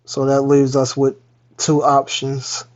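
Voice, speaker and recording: A man's voice: medium pitch, monotone, takes it slowly, a little mellow. A man casually explaining trading chart levels as he points them out on screen. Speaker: trading educator. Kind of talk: live screen-share trading walkthrough. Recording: dull lo-fi mic.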